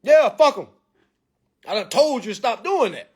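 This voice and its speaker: High-voiced man on a profane rant. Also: very animated, moderate pace, long pauses, a little mellow, husky. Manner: blunt, profane, provocative, preachy. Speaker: vlog commentator. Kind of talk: ranting monologue.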